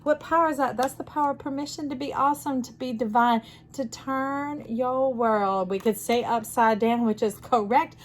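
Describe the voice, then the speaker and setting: A woman's voice: high-pitched, normal speed, hardly any pauses, a little hiss or hum. A woman giving an intuitive tarot reading, talking in a playful, rambling, spiritual way. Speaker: tarot reader.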